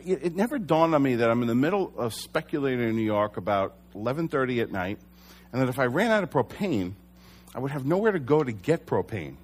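A middle-aged man preaching in a church, telling a personal story with animated delivery and self-deprecating humor. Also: medium pitch. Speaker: pastor.

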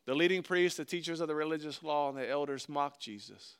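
A man preaching a sermon and reading scripture aloud, earnestly swinging between loud stresses and hushed, slowed phrases. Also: a little high, smooth. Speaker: pastor.

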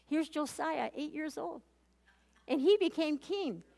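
Guiding a conversational Bible study, this female teacher has a high, warm, creaky voice with lively intonation and a slightly slow pace. Her manner is earnest: she questions the audience directly and frequently repeats or restarts what she's saying.

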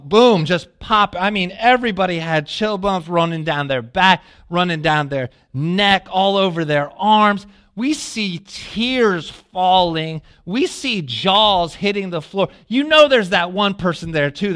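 A man preaching a sermon as a pastor, telling a story with lively asides and questions to the listeners, dropping to a hush when quoting prayers. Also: high-pitched. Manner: animated storytelling, asks the congregation questions.

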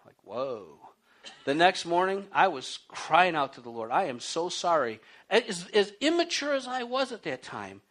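A man preaching a sermon, with a voice that swoops widely up and down. He tells of his own life with animated storytelling, acting out his pleas with rising intensity. He then reads scripture aloud and explains it verse by verse. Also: high voice. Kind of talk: sermon with personal testimony.

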